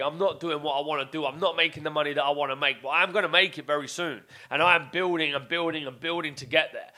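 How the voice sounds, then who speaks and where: A fired-up man with a bright, forceful voice and a slightly raised pitch preaches self-motivation on his podcast. He swears constantly and hammers the same phrases again and again, moving between loud outbursts and quieter, low emphatic lines. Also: fast, few pauses. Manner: intense, swearing, repetitive exhortations. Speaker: podcast host. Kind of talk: motivational monologue.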